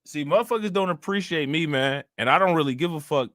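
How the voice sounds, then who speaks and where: A man's voice: fairly high pitch, quick pace, fairly bright tone, no room sound, clean studio sound. A man hosting a live stream, talking loosely and profanely, laughing often and repeating himself. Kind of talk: casual live-stream commentary.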